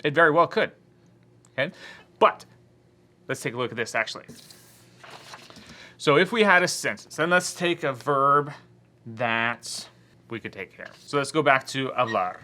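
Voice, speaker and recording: A man's voice: mid-range voice, animated, moderate pace, pauses often, bright, forceful tone. A man teaching a Spanish grammar lesson to his class, explaining patiently and voicing the objections students might raise.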